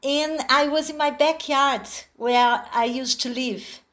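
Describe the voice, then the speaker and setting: A woman's voice: high-pitched, fairly even intonation, a bit bright. A woman with a Brazilian accent telling a story over a video call, hesitant and full of little fillers. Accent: Brazilian Portuguese. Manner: slow, hesitant, with many fillers.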